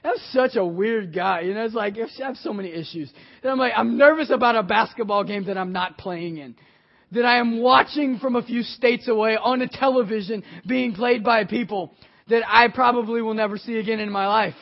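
A middle-aged man from Kentucky preaching a sermon, praying and then telling a lively story about himself. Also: high voice, fairly quick, vocal fry. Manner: animated storytelling, acting out his own excitement. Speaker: pastor. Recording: dull lo-fi sermon audio.

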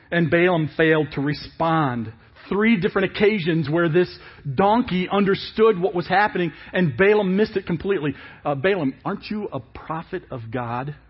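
A male pastor preaching a sermon in an animated way, asking many rhetorical questions. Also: on the high side, moderate pace, breathy edge, highs cut off.

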